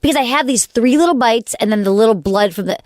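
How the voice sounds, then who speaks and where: A woman hosting a podcast, telling a story in animated, casual chat full of "like" fillers. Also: a little high, fast talker, no room sound, clean studio sound. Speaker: host.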